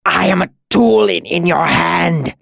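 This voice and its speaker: A man's voice: medium pitch, extremely slow, darkish tone, smooth, dry recording, studio quality. A man voicing an arrogant male servant reduced to gasping, strained pleas in an audiobook. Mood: pained, pleading. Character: arrogant male servant, broken and begging in pain.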